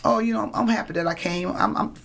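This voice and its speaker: A woman's voice: mid-range voice, fast talker, vocal fry, fairly bright tone. A young woman telling a faith story as a talk show guest, repeating words as she goes. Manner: storytelling, repeats words, Southern church cadence. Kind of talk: faith talk, personal testimony.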